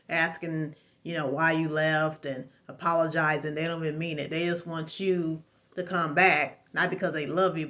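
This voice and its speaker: Speaking straight to the camera, a woman vlogger shares a casual personal testimony in a low-pitched voice that sounds bright and sharp. She rambles with frequent fillers and restarts, then hammers her points home with emphatic, preachy exclamations.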